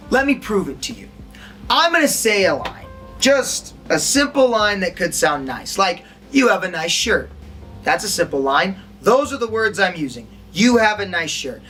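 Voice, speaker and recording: In a recorded lesson before an audience, a male acting teacher quizzes the people listening and demonstrates tones of voice by performing them. He speaks in a high-pitched voice with a sharp tone.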